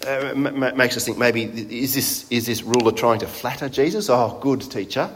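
A man's voice: mid-range voice, fairly even intonation, normal speed, fairly bright tone, slight background noise. A man preaching a sermon in a conversational way, putting rhetorical questions to his congregation.

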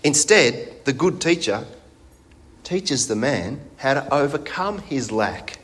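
A man's voice: mid-range voice, animated, slow, a bit bright. A man preaching a sermon in a conversational way, putting rhetorical questions to his congregation.

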